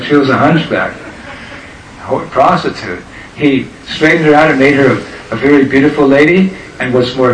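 A man, a spiritual teacher, animatedly telling a devotional story in a lecture, laughing as he goes. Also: medium pitch. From United States. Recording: roomy, distant mic with ambient noise.

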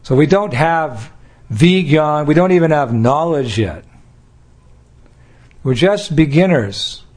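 Older American man, husky voice, devotional talk with playful acted-out asides. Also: on the high side, expressive, slow, a little mellow. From United States. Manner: playful, acts out little scenes and quotes, laughing along. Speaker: spiritual teacher.

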